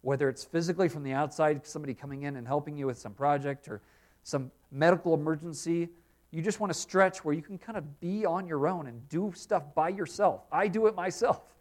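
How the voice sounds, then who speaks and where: Male pastor, sermon delivery, earnest and explanatory, slightly high pitch. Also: a little fast. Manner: earnest expository preaching, drops quiet on prayers.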